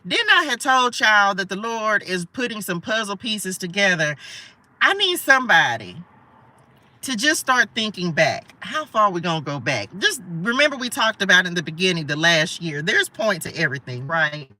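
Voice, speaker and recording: A woman's voice: mid-range voice, big pitch swings, normal speed, pushed and bright. A woman giving a live tarot reading, chatty and playful, talking straight to her viewers and laughing often. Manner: laughs often, asides to spirits. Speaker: spiritual tarot reader. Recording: voice a bit far from the mic.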